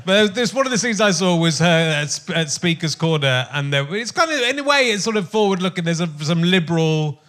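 A man's voice: sits high, expressive, a little fast, few pauses, fairly bright tone, smooth. A man in his fifties hosting a podcast conversation, earnest and reflective as he searches for his words. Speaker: podcast host. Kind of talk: casual conversation.

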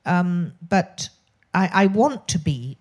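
A woman's voice: on the low side, lively intonation, takes it slowly, darkish tone, breathy edge. An older Englishwoman with a posh English accent, a talk show guest speaking frankly and bluntly, swearing freely and laughing between phrases. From England. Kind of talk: candid talk show chat.

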